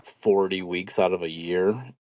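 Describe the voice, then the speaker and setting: A man co-hosting a podcast, talking in a relaxed, reflective way in loose run-on sentences. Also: low voice, unhurried, no echo. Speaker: podcast co-host. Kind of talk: casual podcast chat.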